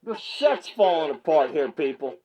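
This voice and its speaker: A man's voice: a little high, sing-song, moderate pace, dark tone, slightly rough, poor audio. A male MMA media host in a fired-up reaction rant, stammering and repeating himself as he gets worked up on his small video set.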